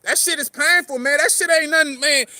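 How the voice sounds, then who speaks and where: Man, vlogger, casual motivational rant; heavy slang and cursing, earnest and rambling; high, bright voice, dry close sound. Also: a little fast, no echo. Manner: street slang, heavy swearing, repeats "man" and "you know what I'm saying"; rambling, earnest, greets passers-by. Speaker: poet and vlogger. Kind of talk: casual motivational talk to camera.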